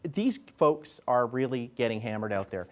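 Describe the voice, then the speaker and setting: A man's voice: mid-range voice, lively intonation, moderate pace. A man giving a conversational business talk to a live audience, folksy and acting out what salespeople and executives say. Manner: conversational, folksy, acts out quotes. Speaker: keynote speaker. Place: event venue in front of an audience.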